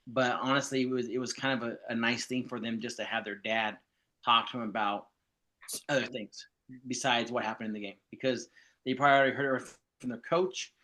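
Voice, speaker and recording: A man who is a softball coach, talking casually and easygoingly, joking and rambling with restarts. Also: medium pitch, fairly even intonation, fairly quick. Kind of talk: casual chat.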